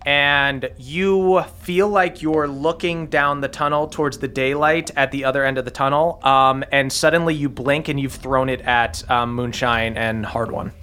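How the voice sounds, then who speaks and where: Give me a bright-sounding man as a game master, laid-back and often laughing. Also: medium pitch, a little slow, hardly any pauses, smooth. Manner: laughs often, relaxed descriptions. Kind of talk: narrating a tabletop game.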